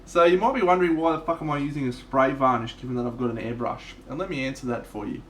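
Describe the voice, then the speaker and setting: A man's voice: mid-range voice, fast talker, a little hiss or hum. A man with an Australian accent, chatting casually and swearing freely while streaming his miniature painting live. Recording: echoey room.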